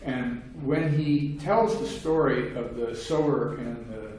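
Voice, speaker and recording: A man's voice: medium pitch, slow pace, dark tone. Man lecturing in a very echoey hall. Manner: explains at length with wry, casual asides. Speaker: philosophy lecturer. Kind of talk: conversational academic lecture. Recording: very echoey room, distant mic, faint noise.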